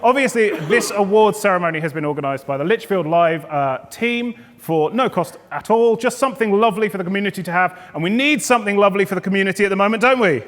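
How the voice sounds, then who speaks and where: Stand-up guy hosting an awards night, high voice, joking with the crowd, long hall echo. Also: fast, few pauses. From England. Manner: jokey, playful, loud calls to the audience. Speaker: awards host, stand-up comedian. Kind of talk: stand-up crowd work hosting live event. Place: event venue hall, indoors. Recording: echoey hall with long reverb.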